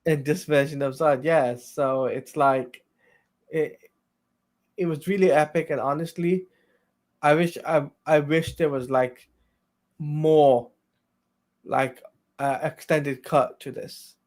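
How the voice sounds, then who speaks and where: A man joining a casual movie discussion as co-host, speaking hesitantly with many fillers and pauses. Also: on the high side, fairly even intonation, darkish tone.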